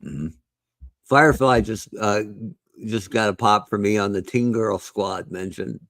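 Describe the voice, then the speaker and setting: A man's voice: on the low side, measured pace, a bit bright, no echo. A man co-hosting a casual podcast who tells stories with animation and laughs often. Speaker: podcast co-host.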